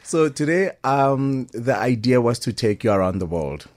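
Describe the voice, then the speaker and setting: A man's voice: mid-range voice, big pitch swings, normal speed, a little mellow. A South African man, a chef, talking easily in a radio studio interview and mixing in Setswana phrases. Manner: easygoing, mixes in Setswana phrases.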